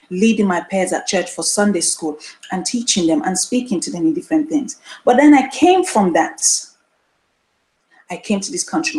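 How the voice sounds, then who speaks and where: A woman's voice: on the low side, darkish tone, echoey room. A woman in her thirties from Nigeria, hosting her own online talk show and speaking earnestly and emphatically, often repeating phrases for stress. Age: 30s. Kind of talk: solo live-stream talk to viewers.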